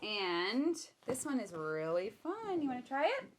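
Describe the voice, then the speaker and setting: Brief: woman children's educator, higher voice, unhurried, playful storytime delivery. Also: a little hiss or hum. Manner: lively, playful, talks to her toddler. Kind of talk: baby storytime talk to caregivers. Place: at home.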